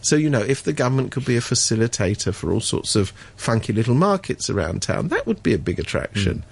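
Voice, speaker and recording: Man, radio commentator, blunt, sardonic, husky, lively pitch. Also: quick pace. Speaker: regular commentator. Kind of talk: opinionated radio chat.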